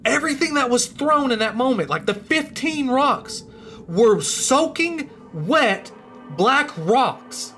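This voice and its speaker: A man's voice: very high voice, slow pace, faint music behind. A man telling a true scary story in a casual, rambling way, his voice rising and dropping for suspense. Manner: animated, rambling, voice rises and drops with suspense.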